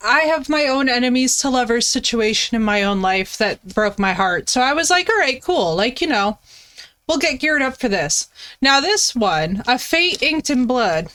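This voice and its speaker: Woman streamer, slightly high voice, lively, profane storyteller. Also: normal speed. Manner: animated, swearing, laughing storyteller with big pitch jumps. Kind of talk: casual chat.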